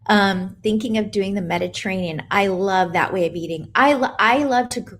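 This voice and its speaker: A woman's voice: medium pitch, moderate pace. A middle-aged woman hosting a casual livestream, chatting in a rambling way and stopping to greet viewers and answer their comments. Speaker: livestream host.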